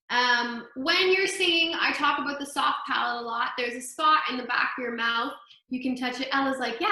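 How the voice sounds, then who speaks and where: A woman's voice: high-pitched, bright, forceful tone. A young woman teaching an online group voice lesson, chatty and upbeat with lots of fillers, sometimes singing exercises. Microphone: laptop microphone. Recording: echoey room, piano nearby. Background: faint piano.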